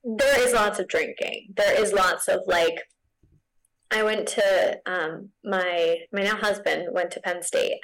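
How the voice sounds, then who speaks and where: A woman's voice: mid-range voice, rough recording. A young American woman co-hosting a podcast, chatting casually and saying "like" a lot. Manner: chatty, heavy use of "like". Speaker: podcast co-host. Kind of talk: casual chat.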